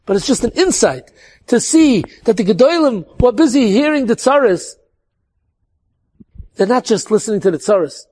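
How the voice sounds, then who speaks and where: A man's voice: extremely high pitch, very animated, normal speed, long pauses, a little mellow, breathy edge. A man telling an earnest inspirational story, sprinkling in Hebrew and Yiddish words.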